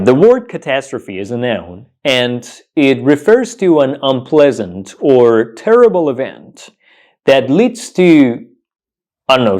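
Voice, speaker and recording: A man teaching English pronunciation, saying each word slowly several times and asking the viewer questions. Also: medium pitch, darkish tone. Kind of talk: pronunciation lesson.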